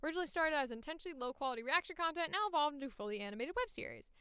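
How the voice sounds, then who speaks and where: A woman's voice: sits high, lively intonation, racing, sharp tone, dry recording. A woman voice actor chatting casually on a livestream, reading casting briefs aloud with playful asides.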